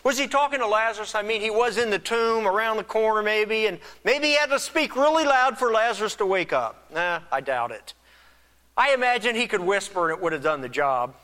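Bright-voiced man preaching a sermon. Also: high voice, expressive, fairly quick. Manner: builds from soft reflective to loud emphatic preaching. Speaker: pastor.

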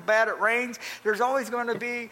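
High, bright-voiced older preacher man. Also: normal speed. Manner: folksy, animated storytelling with repeated phrases. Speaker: pastor. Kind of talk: storytelling sermon. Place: church. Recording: long reverb.

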